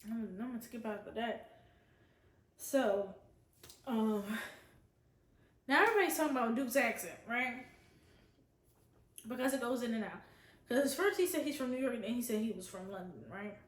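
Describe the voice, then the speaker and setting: A woman's voice: a little high, lively intonation, normal speed, pauses often, roomy sound. A woman casually giving an opinionated, chatty review of a reality show. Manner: chatty, opinionated, quotes others in voices. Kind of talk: casual chat.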